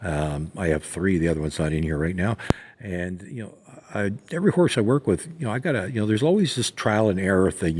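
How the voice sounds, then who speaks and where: Horses can be heard near a man teaching horse training in a casual, spoken lesson. His voice is low-pitched and slightly rough, and he talks in a rambling, down-home style with lots of fillers and restarts.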